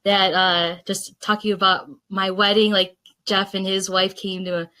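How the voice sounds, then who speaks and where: A woman's voice: medium pitch, level tone, a little slow, bright, forceful tone. Chatty, enthusiastic woman host. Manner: chatty and enthusiastic, laughs often. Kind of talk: casual chat. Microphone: video call.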